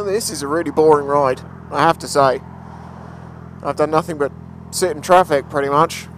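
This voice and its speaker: Male moto-vlogger, slightly high voice, rambling jokey commentary, heavy wind noise. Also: expressive, normal speed. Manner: chatty, jokey, talks to himself and his viewers. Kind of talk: casual running commentary. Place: riding a motorbike on the road, later walking a scrap yard. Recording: loud wind and road noise.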